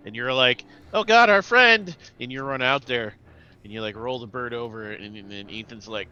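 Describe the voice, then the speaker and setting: A man's voice: mid-range voice, steady tone, a little fast, bright, forceful tone, clear, resonant tone, muffled recording, soft background music. A man narrating as game master of a tabletop role-playing game, telling the scene vividly and laughing along.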